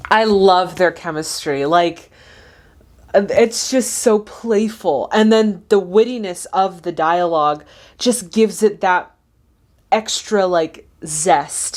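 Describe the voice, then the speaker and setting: A young woman hosting a casual movie reaction, chatty and gushing, often laughing. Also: medium pitch.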